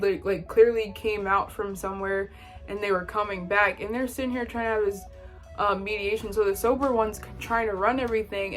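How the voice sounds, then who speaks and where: Young woman venting a storytime, slangy and fed up, faint music behind. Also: medium pitch. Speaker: vlogger. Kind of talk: casual storytime.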